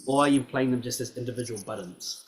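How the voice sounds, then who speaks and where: A man's voice: medium pitch, fast. A man giving a student feedback in a recorded piano lesson, encouraging, often checking in with "right?" and "yeah?". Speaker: piano teacher.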